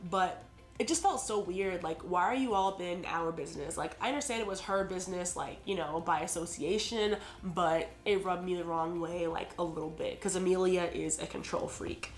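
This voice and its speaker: A woman's voice: on the low side, moderate pace. Chatty woman recapping a TV episode. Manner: chatty, heavy on "like" and "you know". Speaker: TV episode reviewer. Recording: roomy echo.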